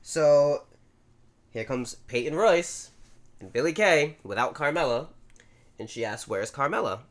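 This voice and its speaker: A man's voice: a little high, unhurried. A man co-hosting a podcast, casually retelling events and acting out quotes as he goes. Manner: animated storytelling, acting out quotes. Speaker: podcast co-host. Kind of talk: casual recap chat.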